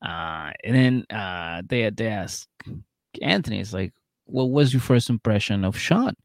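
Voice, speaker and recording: Male podcast co-host, low and gravelly, dry studio sound, profane storyteller who acts out the quotes. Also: animated, measured pace, no echo. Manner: profane storytelling that acts out other people's lines. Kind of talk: casual chat recapping a reality show.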